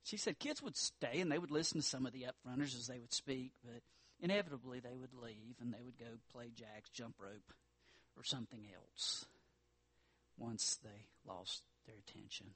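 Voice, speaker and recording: Casting: husky male pastor, earnest sermon delivery, mid-range pitch. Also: moderate pace, a bit bright. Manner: earnest preaching, rises in pitch for emphasis.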